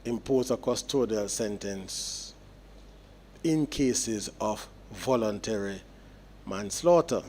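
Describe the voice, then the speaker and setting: A man, a judge delivering sentencing remarks in court in a measured, explanatory way with deliberate pauses. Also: lowish voice, expressive, darkish tone, slight background noise.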